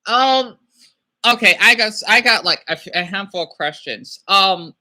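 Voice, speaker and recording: A man hosting a casual livestream, rambling and excitable, often apologizing as he talks. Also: high voice, unhurried. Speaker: livestream host.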